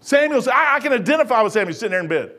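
A man in his sixties preaches with a notably high voice. His delivery is folksy and lively, dropping to near-hushed asides and then climbing into loud bursts, and he acts out the people in his stories himself. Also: rapid-fire. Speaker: pastor. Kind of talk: preaching a sermon.

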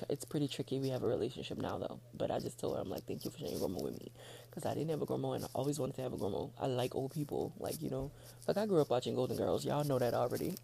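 A woman's voice: a bass voice, gravelly, warm tone, breathy edge. A woman hosting her own podcast in a casual, frank solo chat, laughing often and getting emotional. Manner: heartfelt, gets emotional. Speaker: podcast host.

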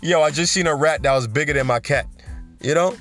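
Man playing a grumbling New Yorker fed up with city life; exasperated, raised-pitch rant. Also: a little fast, a bit bright, faint music behind, close to an everyday voice.

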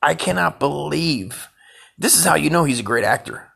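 Man, stream host, crude reaction commentary, profane, raspy, gravelly, lively pitch. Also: moderate pace. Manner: loose, profane, animated, laughing asides.

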